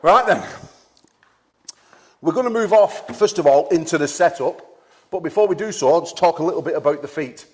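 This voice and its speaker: Breathless arm wrestling coach. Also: male voice, fairly high pitch, normal speed. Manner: energetic, coaching with frequent "okay?" check-ins. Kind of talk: instructional seminar demonstration. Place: gym.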